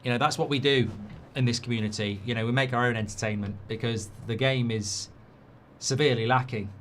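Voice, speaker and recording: A man's voice: mid-range voice, fairly even intonation, brisk, fairly bright tone, slight background noise. A man hosting a live football watchalong, chatting casually and reading out viewer comments.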